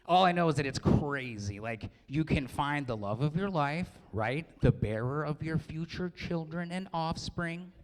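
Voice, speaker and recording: A man's voice: fairly high pitch, expressive, measured pace, few pauses. A man in his forties giving a joking, self-deprecating wedding speech and laughing often. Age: 40s. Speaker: wedding speaker. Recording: long hall reverb.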